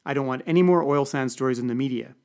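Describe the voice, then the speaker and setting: A man voicing a bossy, loud male political staffer who talks in brisk, commanding bursts. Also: mid-range voice, natural voice.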